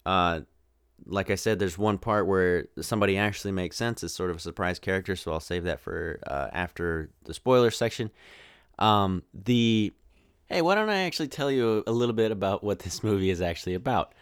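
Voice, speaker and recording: A man's voice: low-pitched, animated, brisk, clean tone, no echo, studio quality. A man hosting a podcast, giving a casual, rambling movie review with lots of restarts. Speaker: podcast host.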